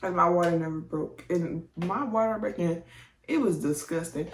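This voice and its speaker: A woman's voice: lowish voice, moderate pace. A woman telling a personal story in a chatty, slangy way, acting out her own reactions. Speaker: vlogger telling a birth story. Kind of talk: casual storytelling. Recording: echoey room, distant from mic.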